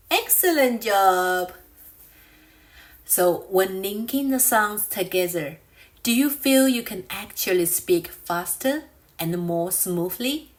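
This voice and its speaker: A woman teaching a beginner English lesson, speaking slowly and clearly with carefully enunciated, drawn-out example phrases. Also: medium pitch, lively intonation. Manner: drawn-out model phrases for shadowing practice. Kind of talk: slow beginner language lesson.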